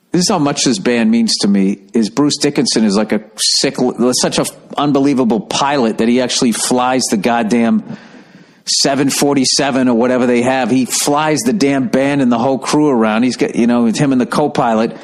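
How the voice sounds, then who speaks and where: A middle-aged man talking in a rambling, excitable way on a casual podcast monologue, swearing freely. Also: medium pitch. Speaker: podcast host.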